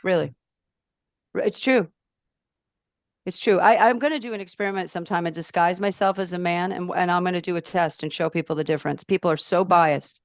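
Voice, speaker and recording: A woman guesting on a podcast, talking in an emphatic, outspoken, animated way with big swings in pitch. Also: a little fast, dry recording, studio quality. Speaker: podcast guest, life purpose coach. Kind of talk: casual podcast conversation.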